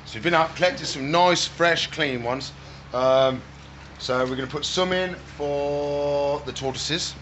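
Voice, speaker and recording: A man's voice: on the high side, measured pace, fairly bright tone, slight background noise. A man running a reptile shop vlog, chatting casually and baby-talking to the animals. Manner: playful, baby-talks to animals. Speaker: reptile shop owner and vlogger. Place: pet shop.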